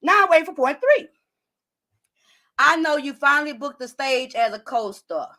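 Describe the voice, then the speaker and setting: Woman, live-stream host, confrontational rant, profane, high voice, bright and forceful tone. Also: expressive, moderate pace. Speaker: livestream host. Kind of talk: heated live-stream rant reading chat.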